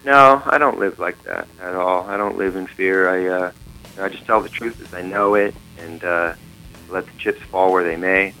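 A man appearing as an author guest on a radio show, answering in a calm, plain-spoken way. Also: low voice, moderate pace, rough recording.

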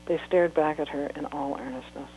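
A woman author reading a chapter of her book aloud in steady, unhurried narration. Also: low-pitched, a little hiss or hum, rough recording.

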